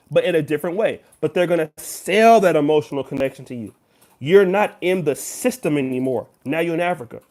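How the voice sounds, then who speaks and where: High-voiced man lecturing viewers. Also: a little mellow. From United States. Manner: emphatic, lecturing, speaks straight to the viewer. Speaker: YouTuber. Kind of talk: direct-to-camera commentary.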